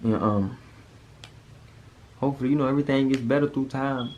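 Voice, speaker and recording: A man, telling a personal story to camera in a casual, animated way that leaps up in pitch when he acts out panic. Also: brisk, lo-fi sound, a little hiss or hum. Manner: animated, jumps high when acting out panic.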